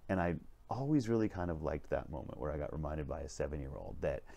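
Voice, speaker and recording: A man hosting a vlog, telling a story in a conversational, animated way from inside a vintage train lounge car. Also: a bass voice, fast talker, gravelly. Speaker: vlog host and leadership speaker.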